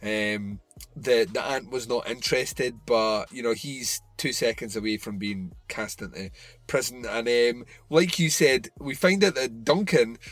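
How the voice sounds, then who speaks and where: A man's voice: mid-range voice, unhurried, no room sound. A man co-hosting a podcast, chatting loosely about a horror film with lots of fillers and swearing. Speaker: podcast co-host. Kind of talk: casual movie review chat.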